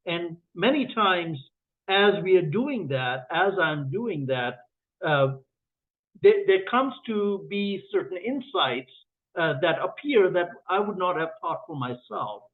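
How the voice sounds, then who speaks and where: A man speaking earnestly as a guest, halting with frequent fillers. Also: high voice. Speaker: guest author, painter. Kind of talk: reflective guest talk. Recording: tinny phone line.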